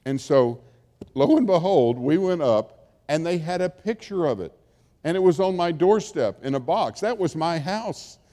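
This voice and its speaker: A man's voice: fairly high pitch, expressive, moderate pace, dark tone. A man preaching a sermon as a pastor, in a conversational storytelling way that acts out quotes. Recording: long hall reverb.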